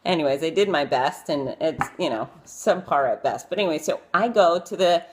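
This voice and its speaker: A woman vlogger casually telling stories about interviewing celebrities, chatty and self-deprecating, with many fillers. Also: normal speed. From Florida. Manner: chatty and animated, acting out quotes in a high voice. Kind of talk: casual live-stream storytelling.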